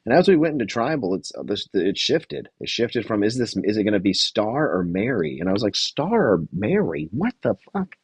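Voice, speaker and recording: A man's voice: lowish voice, animated, fairly quick, hardly any pauses, slightly rough, no echo. A young man hosting a casual show recap, rambling and swearing with lots of fillers while reading chat aloud. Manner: reads live chat aloud. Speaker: podcast host reviewing a reality show.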